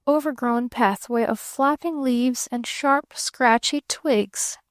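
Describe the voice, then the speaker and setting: A woman narrates a classic novel in an expressive storybook manner. Her voice sits fairly high, and the recording is dry and close with no room sound. She reads with steady, lively phrasing. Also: a little slow, few pauses, dry recording. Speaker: audiobook narrator. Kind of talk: scripted narration.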